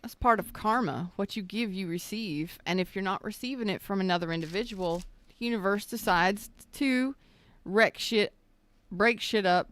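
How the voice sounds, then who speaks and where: A woman reading tarot on a live stream, emotional and choked up, talking slowly and soothingly with halting pauses. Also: mid-range voice, fairly bright tone, no echo. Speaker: tarot reader.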